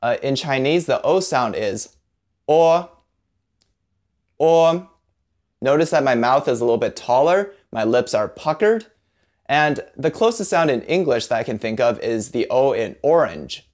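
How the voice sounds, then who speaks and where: A man hosting a scripted language lesson who breaks down pronunciation slowly and carefully. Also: mid-range voice, animated. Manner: careful, drawn-out pronunciation demonstrations. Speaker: Chinese language teacher.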